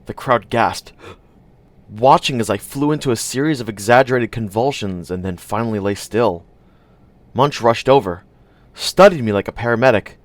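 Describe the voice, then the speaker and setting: A man's voice: medium pitch, moderate pace, no room sound. A man narrating a first-person audiobook in a dry, wry storytelling manner.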